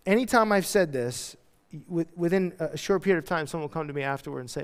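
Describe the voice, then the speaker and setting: A man's voice: a little high, lively intonation, quick pace, clear, resonant tone, long reverb tail. A man preaching a verse-by-verse sermon as a pastor, chatty and conversational, acting out the people he quotes. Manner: conversational, acts out quotes in voices. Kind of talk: expository sermon. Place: church hall.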